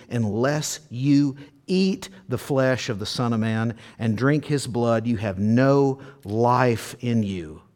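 Guy preaching a sermon, reads the verses with big swings up and down, really emphatic. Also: mid-range voice. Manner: animated, emphatic, acts out quoted voices. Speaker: pastor. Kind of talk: sermon reading scripture.

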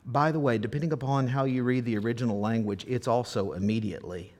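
A man's voice: medium pitch, fast, hardly any pauses, darkish tone. A male pastor giving a sermon to a live congregation, preaching conversationally, asking the audience questions and acting out scripture quotes with drama. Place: church service before a congregation.

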